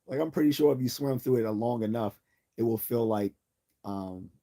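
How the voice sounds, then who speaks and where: This man hosts a livestream, rambling casually, swearing a lot and often laughing at his own jokes. His voice is medium in pitch and mellow, and he talks at a normal speed.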